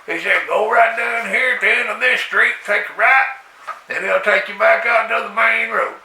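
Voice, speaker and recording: A man telling a rambling comic story in a folksy way, breaking into loud exclamations. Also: fairly even intonation, normal speed, vocal fry, slight background noise. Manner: folksy drawl with loud high-pitched exclamations. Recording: echoey room, distant mic.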